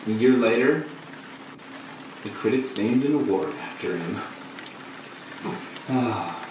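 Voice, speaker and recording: An actor playing a male off-off-Broadway performer who tells his story in a halting way, with dark, bitter laughs. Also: mid-range voice, lively intonation, a little hiss or hum. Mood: rueful. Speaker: actor in a monologue. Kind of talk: stage monologue on film. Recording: distant echoey room with rain.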